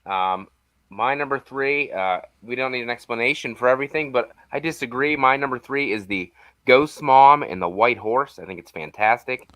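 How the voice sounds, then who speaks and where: A man's voice: medium pitch, moderate pace, fairly bright tone, no room sound. A man talking as a podcast guest in casual chat, easygoing and enthusiastic.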